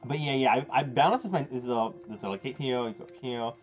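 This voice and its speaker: A young man chatting casually to his live-stream viewers while playing a game, rambling, excitable and quick to laugh. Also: mid-range voice. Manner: rambling, excitable, laughs often, talks to chat. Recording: dull lo-fi stream audio with game music. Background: game music.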